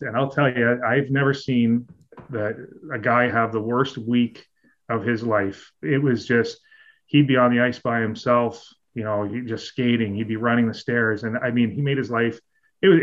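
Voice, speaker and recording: A man's voice: mid-range voice, fairly bright tone. A man, a former hockey goalie and podcast guest, telling rambling stories in a casual way, with restarts and chuckles. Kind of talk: casual anecdotal storytelling. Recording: dull, lo-fi audio.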